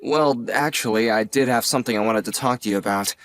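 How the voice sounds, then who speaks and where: A man voicing an earnest young nephew, newly engaged and deeply grateful, in a scripted drama. He speaks in a mid-range male voice, gently and apologetically. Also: fast, clear, resonant tone, faint music behind, close to an everyday voice. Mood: hesitant. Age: young adult.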